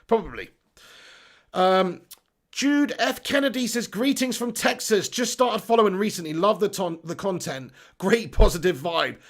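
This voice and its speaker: A man's voice: sits high, animated, normal speed. A man hosting a football live stream, reading out chat comments in an upbeat, chatty way and laughing at himself.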